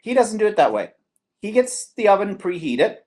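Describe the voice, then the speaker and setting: A man's voice: sits high, big pitch swings, moderate pace, darkish tone. A middle-aged Canadian man hosting a live-stream vlog, chatting and teasing in a rambling way. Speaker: vlog host.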